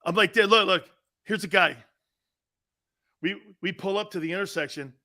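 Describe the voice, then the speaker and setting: A man hosting a sports talk show, telling jokey stories in an animated, casual way. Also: high-pitched, moderate pace, dry recording, studio quality. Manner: animated, joking storyteller. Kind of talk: casual sports radio chat.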